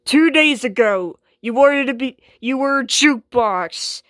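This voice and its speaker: A woman's voice: fairly high pitch, a bit bright, no echo, clean studio sound. A woman voicing a sensible female washing machine in a homemade skit, sighing and sarcastic.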